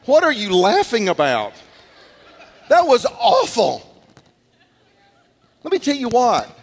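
A middle-aged male pastor preaching a sermon in church, telling stories in an animated way, repeating words and acting out quotes. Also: extremely high pitch, slow. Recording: long hall reverb.

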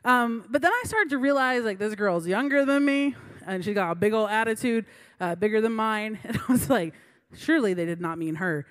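A woman's voice: a little high, lively intonation, moderate pace. A woman in her late twenties, a youth pastor, giving a sermon in a chatty storytelling way with many fillers.

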